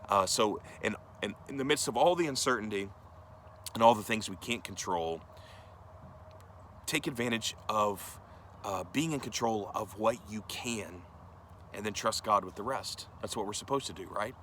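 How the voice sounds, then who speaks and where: A man's voice: fairly low pitch, normal speed, pushed and bright, slight background noise. A male pastor giving a conversational sermon, earnest and direct, often asking the listeners questions.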